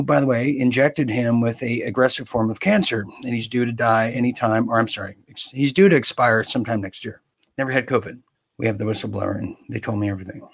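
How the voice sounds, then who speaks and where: A man from the United States giving sarcastic, mocking commentary on news items, halting with fillers. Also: mid-range voice.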